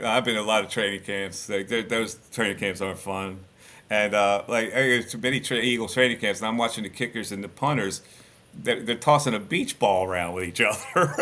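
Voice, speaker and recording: Here a middle-aged man with a fairly low voice talks at a brisk clip, recounting stories bluntly in a relaxed podcast conversation. Once a sports radio host, he's animated and keeps restarting his thoughts.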